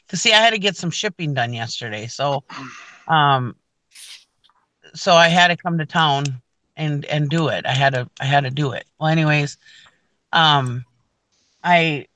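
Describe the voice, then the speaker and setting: A woman's voice: sits low, bright, forceful tone. A middle-aged woman co-hosting a casual morning show, telling a long story with lots of restarts. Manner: rambling storyteller, frequent restarts. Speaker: co-host. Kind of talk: casual chat.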